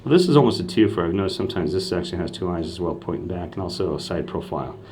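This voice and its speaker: A man in a casual vlog, telling a meandering story in an excitable way and often voicing disbelief. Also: low-pitched, racing, slight background noise. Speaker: self-described street minister.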